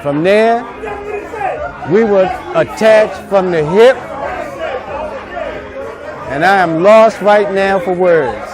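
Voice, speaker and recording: A man giving a halting, emotional spoken tribute to a close friend. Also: high voice, lively intonation. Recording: music and crowd chatter behind.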